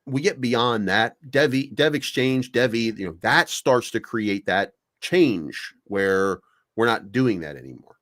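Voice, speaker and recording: A man co-hosting an online crypto talk show rants in a loose, casual way. His pitch swings widely as he acts out mock quotes, with plenty of swearing. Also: animated, takes it slowly, fairly bright tone. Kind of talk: casual chat. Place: online audio room.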